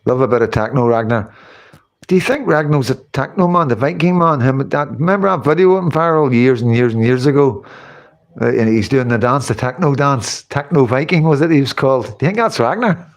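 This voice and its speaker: A man's voice: medium pitch, a little fast. A man, hosting a casual livestream, rambling and chatting as he reads out comments, often breaking into laughter. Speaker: livestream host reading chat.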